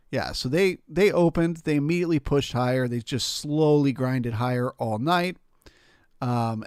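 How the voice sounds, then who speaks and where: A man's voice: mid-range voice, darkish tone, no echo, studio quality. A man hosting a live trading stream, explaining the market casually with frequent restarts. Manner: explanatory, talks through charts with restarts.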